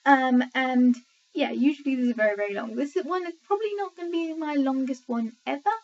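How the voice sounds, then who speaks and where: Sleepy young English woman vlogger, rambling chat full of ums, fairly high voice, dull lo-fi webcam sound. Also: a little fast, a little mellow. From England. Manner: rambling, many filler ums. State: sleepy, tired late at night. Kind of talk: casual chat to camera. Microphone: laptop webcam mic. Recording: lo-fi webcam audio.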